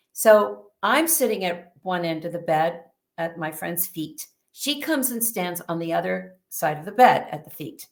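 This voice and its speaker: A woman guest, a bit under the weather, telling a vivid story in an animated way during an interview. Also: lowish voice.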